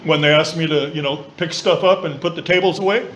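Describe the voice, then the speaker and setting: A man speaking at a recovery meeting, telling his story in a blunt, colloquial way with some swearing and quick impressions of other people. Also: a little high, a bit bright, slight background noise, low-quality recording. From southern California. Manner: mimics voices of others in quoted lines. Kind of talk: personal recovery talk. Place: meeting room.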